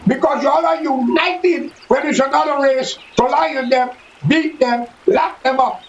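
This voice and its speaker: A man with a very high voice rails at his listeners in a heated, accusing political rant. He sounds set back from the mic, and the sound is muffled and lo-fi with a faint hiss. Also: unhurried, reverberant. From Guyana. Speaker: political commentator. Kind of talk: angry political rant to camera. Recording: distant, muffled, lo-fi with faint noise.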